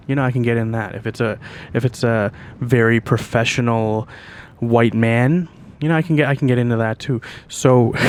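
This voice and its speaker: A man's voice: mid-range voice, slight background noise. Profane young Canadian man telling stories. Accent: Canadian English. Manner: profane, loose, heavy on "like" and "you know what I mean". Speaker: podcast host. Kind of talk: casual storytelling monologue.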